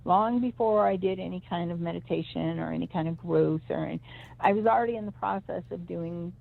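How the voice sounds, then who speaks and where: A woman's voice: fairly low pitch, gravelly. A middle-aged woman, a psychic reader, telling a personal story in a rambling, emphatic way with many restarts. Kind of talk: personal storytelling on a call-in show. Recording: tinny phone line.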